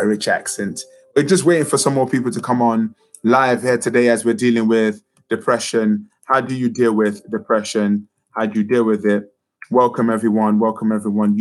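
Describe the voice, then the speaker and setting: A man's voice: on the low side, low-quality recording. A man, a motivational speaker and youth coach, hosting a live stream talk, upbeat and repeating phrases as he addresses viewers directly. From United Kingdom.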